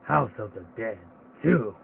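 A man putting on a slow, spooky announcer voice to intone video game titles. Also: on the low side, lively intonation, gravelly, slight background noise, heavily acted. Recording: tinny phone-like audio with game music.

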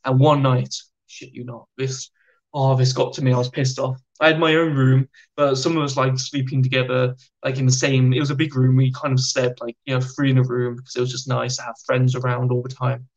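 A young British man in casual conversation as a podcast guest, telling anecdotes in an animated way and acting out the people in them. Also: mid-range voice, brisk, lo-fi sound. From United Kingdom. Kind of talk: casual storytelling.

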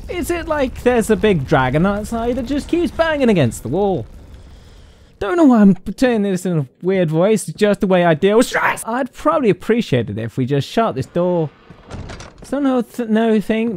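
A British gaming YouTuber with a high voice and darkish tone commentates a horror let's-play. He's jittery and jokey, chatting to objects as he goes.

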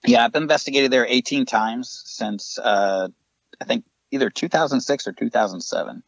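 A man, a paranormal investigator guest on a podcast, telling lively stories and acting out what people said. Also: medium pitch, moderate pace, creaky, no room sound, dull audio. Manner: animated anecdotes with acted-out quotes. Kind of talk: casual podcast storytelling.

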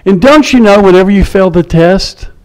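A male pastor preaches in a high-pitched voice at a moderate, smooth pace, animatedly acting out the people he quotes with a different voice for each. He swings from emphatic peaks to softer, lower asides. The recording quality is low.

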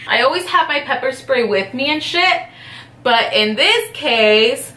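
A woman's voice: sits high, animated, a little slow, pushed and bright, reverberant. A woman vlogger telling a personal story in a rambling, profane, casual way, filling her talk with "like". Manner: profane, rambling, heavy use of "like".

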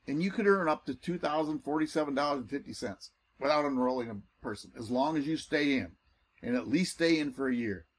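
A man giving an excitable, salesy screen-share walkthrough as a network marketing recruiter. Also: a little fast, breathy edge. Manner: excitable and salesy, pitch jumps when enthused.

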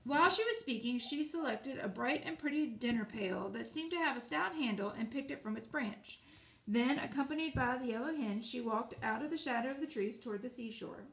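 A woman reading a children's storybook aloud, expressive, with casual asides. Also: fairly high pitch, fairly quick, creaky, roomy sound, rough recording. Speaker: audiobook reader.

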